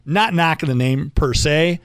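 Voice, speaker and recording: A man's voice: fairly high pitch, unhurried, no echo, studio quality. A man in his late fifties hosting a radio talk show, joking and chatty. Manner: joking, chatty, plugs local spots. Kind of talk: casual radio banter.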